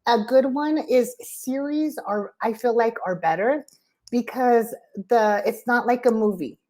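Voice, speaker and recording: An American woman teaches English over a video call, her voice sitting a little high. She is encouraging, laughs often and repeats words as she explains. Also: unhurried, warm tone. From USA. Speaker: English tutor. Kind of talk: casual online lesson chat.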